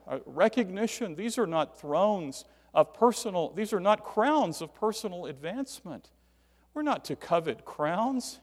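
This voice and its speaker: A man's voice: a little high, vocal fry. A man preaching a sermon, emphatic, rising and falling sharply to stress key words. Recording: hall reverb.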